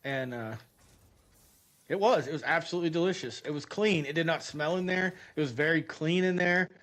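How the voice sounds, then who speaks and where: A man's voice: a little high, brisk, fairly bright tone. An American man streaming a game, telling a rambling story in casual chat and swearing freely. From United States. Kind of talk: casual gameplay commentary with storytelling.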